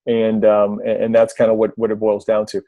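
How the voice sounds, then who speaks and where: A man's voice: fairly low pitch, monotone, brisk, dry recording, muffled recording. A man giving casual video tips on a team call, conversational, with many fillers and restarts. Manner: briefly mimics a loud announcer voice. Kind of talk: casual instructional talk.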